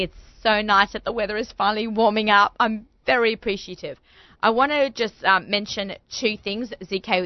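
A woman's voice: medium pitch, dry recording, muffled recording. A woman hosting a radio talk show in a studio, chatty and bubbly, talking with lots of fillers.

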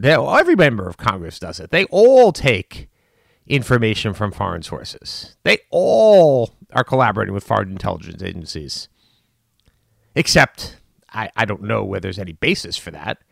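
A man giving unscripted political commentary, animated and emphatic, with frequent restarts and fillers. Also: lowish voice, creaky, no echo, studio quality.

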